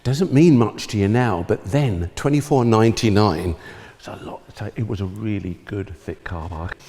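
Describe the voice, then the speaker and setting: A man's voice: lowish voice, normal speed, mellow, long reverb tail. A man telling stage anecdotes to an audience, theatrical and exclamatory, laughing often. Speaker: television chef.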